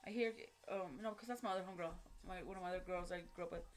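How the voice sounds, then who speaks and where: A woman's voice: lowish voice, racing. A woman telling a personal story to camera in casual street slang, swearing often and correcting herself as she goes. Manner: rambling, frequent swearing and slang, many fillers and self-corrections.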